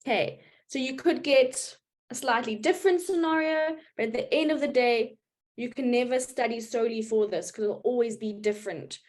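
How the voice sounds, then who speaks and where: A woman's voice: a little high, moderate pace, darkish tone. A woman teaching a live online maths class, explaining patiently step by step and checking in with her students. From South Africa.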